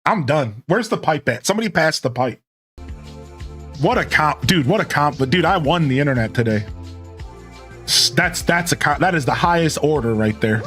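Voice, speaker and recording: A man's voice: fairly high pitch, expressive, moderate pace, fairly bright tone, soft background music. A man in his thirties rambling casually with his live-stream viewers, chuckling and thanking them by name. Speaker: game streamer.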